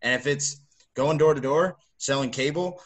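A man co-hosting a podcast, talking in a relaxed, rambling way full of "like" and "you know". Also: fairly high pitch, normal speed. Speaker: podcast co-host. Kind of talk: casual chat.

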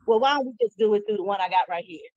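A woman's voice: mid-range voice, rapid-fire, darkish tone, dry recording. A woman in a Bible study discussion gives her view in a thoughtful, conversational way. The audio is dull and dry, with no room sound around her voice.

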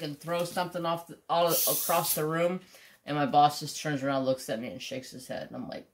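This is a craft channel host, a middle-aged man, talking casually as he works on a diamond painting. He rambles, swears freely and keeps it blunt, with a voice on the high side at normal speed.

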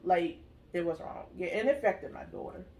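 A woman's voice: on the low side, moderate pace, warm tone. A woman hosting her channel, telling a personal story in casual chat with an emphatic, direct manner. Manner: emphatic, storytelling, addresses viewers as y'all. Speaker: channel host, mother.

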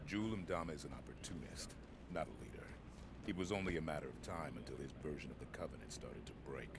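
An actor playing commanding soldiers and an alien leader in a sci-fi video game, clipped and terse. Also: male voice, extremely low pitch, fast, heavy background noise. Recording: game audio with loud music.

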